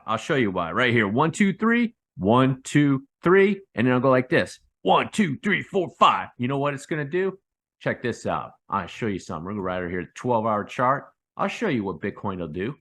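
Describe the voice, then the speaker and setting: Host type: low-voiced man, chatty chart rundown, rambling, prone to excited outbursts. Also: normal speed. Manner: rambling, repetitive, addresses viewers as guys; excitable bursts with sound effects. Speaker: crypto channel host. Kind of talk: casual chart commentary.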